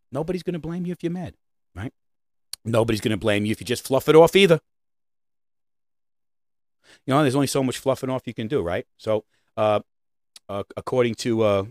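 A man's voice: mid-range voice, no room sound. A man hosting a podcast, talking in a casual rant and checking in with "right?" again and again, swearing now and then. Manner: animated, keeps asking "right?". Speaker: podcast host.

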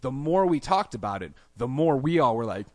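A man's voice: mid-range voice, sing-song, brisk, darkish tone, no room sound. A man as a podcast guest, telling stories casually in a studio and acting out quoted lines in a raised voice. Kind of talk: casual storytelling interview.

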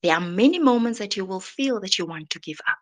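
A woman giving an inspirational sermon, dramatic and often dropping to a soft whisper. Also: mid-range voice, animated, quick pace. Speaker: motivational speaker.

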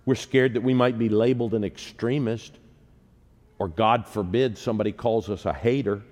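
A man's voice: fairly low pitch, normal speed, darkish tone. A man in his sixties delivering a sermon in a church, telling personal stories with humor and poking fun at himself. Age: 60s. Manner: humorous, self-deprecating storyteller. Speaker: preacher. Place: church sanctuary. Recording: long reverb of a large hall.

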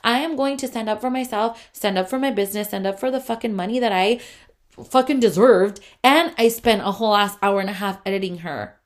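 A woman's voice: mid-range voice, brisk. Woman venting in a profane photographer rant. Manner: profane, heated venting with many fillers. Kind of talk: casual storytime rant.

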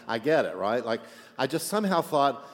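A man's voice: mid-range voice, sing-song, moderate pace, in a large hall. A man preaching a sermon as pastor, telling a story in a chatty way and often asking for an amen. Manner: chatty, asks for amens and "right?".

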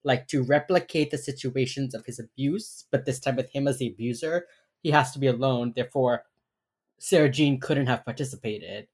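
A woman's voice: extremely low pitch, normal speed, darkish tone, slightly rough. A young woman co-hosting a podcast, chatting casually through a TV episode recap, swearing freely and acting out the characters' lines. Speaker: podcast co-host.

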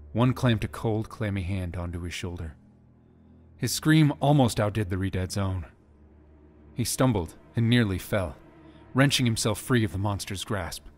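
A man narrates an audiobook in a dramatic storytelling manner. His voice sits on the low side. Faint music plays quietly beneath his reading. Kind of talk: scripted narration.

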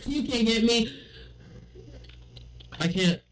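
A man giving intense, excited gameplay commentary, trash-talking and reacting loudly. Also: very high-pitched, very slow, rough recording. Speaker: gaming video creator.

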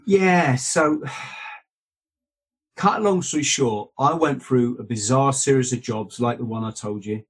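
Husky man telling stories. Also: medium pitch, a little slow. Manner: restarts and asides, self-correcting. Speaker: guest, author. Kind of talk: rambling anecdotal storytelling.

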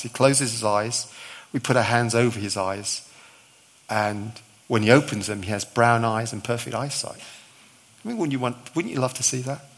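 A middle-aged male visiting preacher giving a sermon, telling a story with acted-out dialogue and touches of humour. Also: medium pitch.

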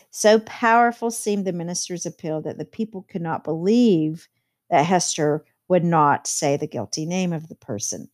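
A woman's voice: lowish voice, darkish tone. A woman teacher explaining a novel chapter to her students, reading quotes aloud and adding plain commentary.

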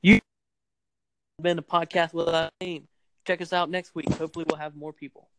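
A man's voice: a little high, level tone, a little fast, fairly bright tone. Rambling young man on a phone mic. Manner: rambling, playful, lots of fillers. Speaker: podcast host. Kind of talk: casual chat. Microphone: phone microphone.

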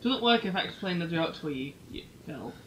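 A woman's voice: on the low side, a little fast, a little hiss or hum. A woman hosting a casual comedy podcast, telling stories with lots of giggling. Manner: giggly, animated storytelling. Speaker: podcast host.

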